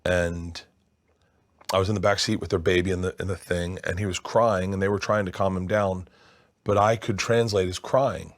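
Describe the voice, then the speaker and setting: A man, a comedian, casually telling a personal dream story in an earnest, halting way with frequent restarts. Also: deep voice, fairly even intonation. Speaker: comedian guest.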